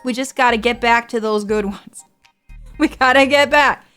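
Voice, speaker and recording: A woman's voice: fairly high pitch, a little slow, fairly bright tone, smooth, faint music behind. Streamer, woman in her 40s, earnest reassuring chat, salty language. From United States. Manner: earnest, reassuring, swears freely. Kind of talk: casual chat to stream viewers.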